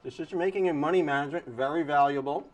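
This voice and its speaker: A man's voice: fairly high pitch, racing, slight background noise. A man hosting a morning TV show, chatting with guests and often repeating their words back. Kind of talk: casual TV interview.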